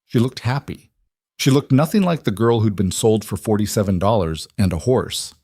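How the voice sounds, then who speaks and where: A man narrates a western story in an even, scripted manner. His voice sits low, and the recording is dry and close with no room sound. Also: moderate pace, dry recording.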